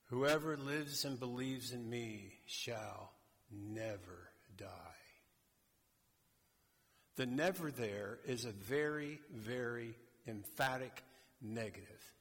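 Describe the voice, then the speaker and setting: A man preaching a sermon slowly and emphatically, addressing a congregation. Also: medium pitch, a bit bright, breathy edge. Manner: slow, deliberate, emphatic preaching. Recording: long hall reverb.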